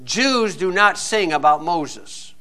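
A man's voice: sits high, sing-song, slow, sharp tone. A man preaching a sermon in a folksy, joking and emphatic way.

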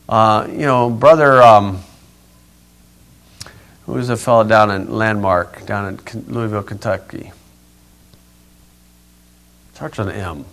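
Brief: male pastor, relaxed folksy Bible teaching, chuckles, rambling asides. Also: fairly low pitch.

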